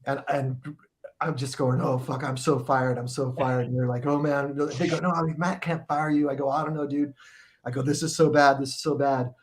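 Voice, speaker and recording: A man's voice: a little high, fairly even intonation, brisk, slight background noise. A middle-aged man telling a long, profane story in a casual podcast chat, rambling and restarting his sentences often. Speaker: guest musician telling a tour story.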